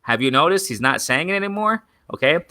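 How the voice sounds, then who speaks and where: A man's voice: on the high side, animated, brisk, sharp tone, dry recording. A young man hosting a live boxing stream, rambling and repeating himself as he keeps calling out to his viewers as "guys.". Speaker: boxing channel host. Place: in Mexico.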